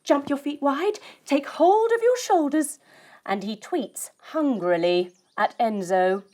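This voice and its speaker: A woman telling a yoga story for children in an animated, sing-song and encouraging way. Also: high voice, slow pace. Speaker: kids yoga instructor and storyteller.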